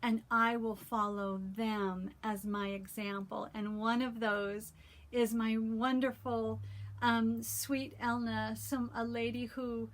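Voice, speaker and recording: Woman vlogger, higher-pitched voice, earnest, chatty, pausing often between thoughts. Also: little pitch movement. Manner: earnest, heartfelt, many "um" pauses. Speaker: cross-stitch vlogger. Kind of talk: casual talk with scripture reading.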